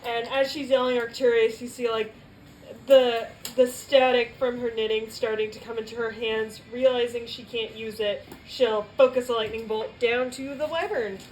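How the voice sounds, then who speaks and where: Relaxed joking woman player. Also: on the high side, moderate pace, slight background noise, low-quality recording. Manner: relaxed, joking, narrates her character. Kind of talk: casual tabletop play.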